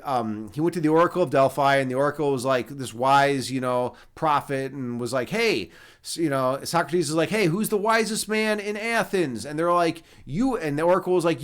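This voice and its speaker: Young male streamer, slightly high voice, casual and profane, lots of restarts. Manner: rambling, profane, with many restarts. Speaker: streamer and chess instructor. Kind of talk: casual live-stream chat.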